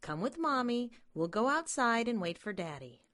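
Woman playing a soft, sing-song young mom. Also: a little high, big pitch swings, normal speed. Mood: soothing. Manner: gentle, soothing. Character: soothing young mother coaxing her child.

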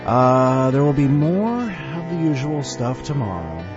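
A man's voice: mid-range voice, sing-song, unhurried. A man hosting a podcast in a wry, offhand way and narrating a story. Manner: wry, offhand, self-mocking. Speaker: podcast host. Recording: dull lo-fi audio with music.

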